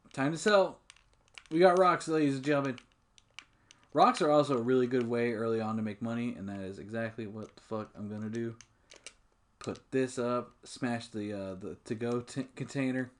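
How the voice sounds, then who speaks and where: A man giving casual, rambling commentary while playing a farming game, swearing often and laughing at himself. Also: medium pitch. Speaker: let's play gamer.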